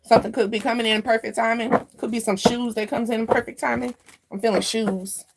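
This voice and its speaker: Against a noisy background, this tarot reader talks a little fast in a fairly high, level voice with vocal fry. Addressing the camera directly, she gives a casual, chatty spiritual reading, turning to the viewer with asides, wandering off topic, and laughing at herself.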